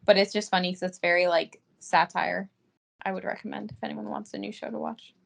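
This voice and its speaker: A woman's voice: mid-range voice, fairly even intonation, fairly quick, vocal fry. A woman chatting enthusiastically in a casual book club talk. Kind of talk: casual chat.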